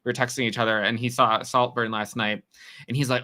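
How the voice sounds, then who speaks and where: Bright-voiced chatty male streamer. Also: medium pitch, level tone. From New York. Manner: chatty, teasing, quick reactions to chat. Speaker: livestream host. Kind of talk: casual livestream chat reading comments.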